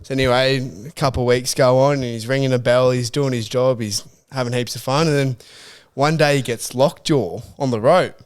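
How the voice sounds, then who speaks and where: A man's voice: medium pitch, steady tone, moderate pace, few pauses, clear, resonant tone. Laid-back Australian guy telling a joke. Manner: laughs at his own jokes, loose storytelling. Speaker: podcast co-host. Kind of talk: casual chat, joke telling.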